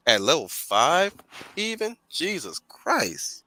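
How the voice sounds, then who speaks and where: A man hosting a manga read-along, his voice leaping up and down as he riffs and curses. The tone is bright and the sound dry and close. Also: medium pitch, unhurried, no echo. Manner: animated, swears freely. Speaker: host.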